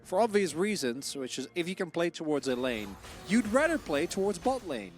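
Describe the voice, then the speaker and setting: An esports caster provides casual, analytical color commentary on a match in a slightly high, very animated voice, quick to explain what's happening. Game music plays underneath.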